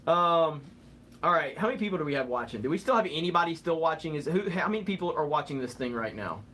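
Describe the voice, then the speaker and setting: A man's voice: fairly high pitch, expressive, fast, fairly bright tone. Joking man reading live chat. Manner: joking, rambling, fumbles over words. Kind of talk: casual live stream chat.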